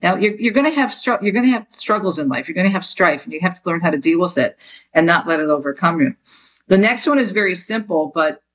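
Lively woman author from New Jersey. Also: on the low side, quick pace. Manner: lively, humorous storyteller. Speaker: guest author. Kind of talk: interview chat.

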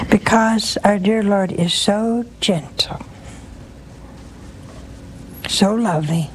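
An older woman hosting a religious call-in show, giving gentle spiritual counsel and calling her callers honey and sweetheart. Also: mid-range voice, slight background noise, low-quality recording.

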